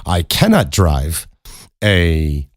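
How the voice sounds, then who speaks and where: A man's voice: low voice, wildly swooping pitch, extremely slow, no echo, studio quality. An American man hosting a podcast, telling stories in a rambling, profane way and laughing often. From United States. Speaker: podcast host. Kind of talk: casual storytelling monologue.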